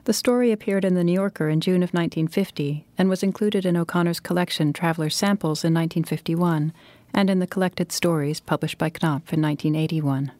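A woman hosting a podcast, reading a scripted announcement in a calm, even delivery. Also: lowish voice, a little fast, no echo. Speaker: podcast host and editor. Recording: faint music bed underneath.

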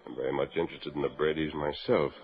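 An actor playing a calm, commanding masked frontier hero who speaks in a measured, authoritative way, in 1940s radio acting. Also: male voice, a bass voice, creaky. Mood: steady. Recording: dull old radio broadcast.

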